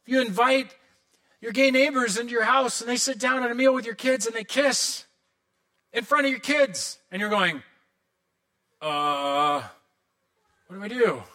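Bright, high-voiced man preaching a sermon. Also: normal speed. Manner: animated storytelling with comic asides. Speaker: pastor.

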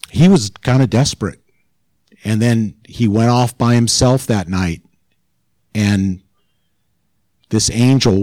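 A man's voice: fairly low pitch, darkish tone, no echo, low-quality recording. A man pastor giving a sermon in an informal, chatty way, growing more intense as he presses a point. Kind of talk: conversational sermon.

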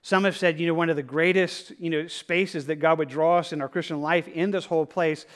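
A man's voice: a little high, fairly even intonation, a little fast. A male pastor giving a verse-by-verse sermon in an earnest, conversational way, often acting out the inner voice of a believer and restarting his sentences. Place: church sanctuary.

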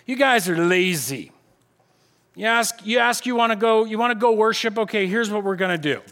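A man's voice: high voice, lively intonation, moderate pace, fairly bright tone, pitched above the performer's own voice. A man voicing a scornful Egyptian king who mocks his workers and speaks sarcastically. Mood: sneering. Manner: sneering, sarcastic. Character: scornful mocking male Egyptian king, bossy.

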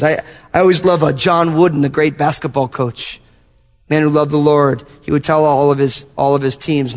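A man pastor preaching a sermon, telling animated stories and acting out little asides to his congregation. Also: on the high side, moderate pace, long reverb tail. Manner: animated storytelling with acted-out asides.

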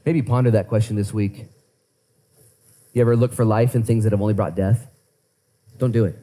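A man preaching a sermon as pastor, animated, conversational and playful as he talks through scripture. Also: on the low side, fairly quick.

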